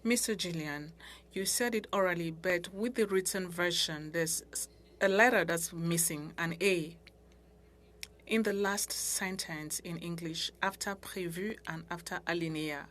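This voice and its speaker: Woman interpreting in measured, halting tones. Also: on the low side, a bit bright, slight background noise. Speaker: interpreter voicing committee members. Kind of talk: simultaneous interpretation. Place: committee room.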